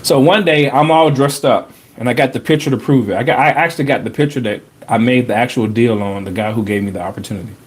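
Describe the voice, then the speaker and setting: A man hosting a podcast, telling a personal story in a casual, animated way, full of slang and repeated phrases for emphasis. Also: medium pitch, quick pace, hardly any pauses, husky. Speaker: podcast host.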